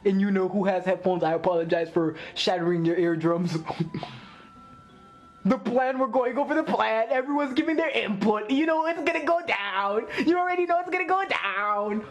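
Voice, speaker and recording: A man hosting a live anime reaction video, excitable, laughing often and talking straight to his viewers. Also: high voice, normal speed, soft background music.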